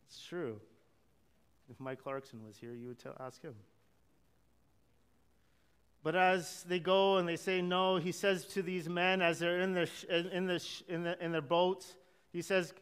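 A man's voice: high voice, steady tone, unhurried, pauses often, fairly bright tone, clear, resonant tone. A man preaching a sermon, acting out the quoted lines and chuckling now and then. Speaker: pastor. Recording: long hall reverb.

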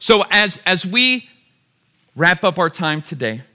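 A man preaches a sermon, speaking to his listeners as "y'all". His voice sits high for a man and rings very bright and forceful. He drives points home by repeating short phrases. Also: big pitch swings, slow. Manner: addresses the crowd as "y'all", builds to emphatic repeated lines.

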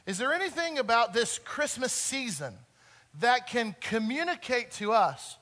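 Bright-voiced male pastor preaching. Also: extremely high pitch, big pitch swings, unhurried. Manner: earnest, wide swings from loud to soft. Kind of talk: sermon.

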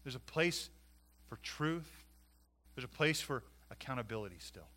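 A man preaching a sermon as pastor, emphatic, with rhetorical questions and swings in loudness. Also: mid-range voice, expressive, normal speed.

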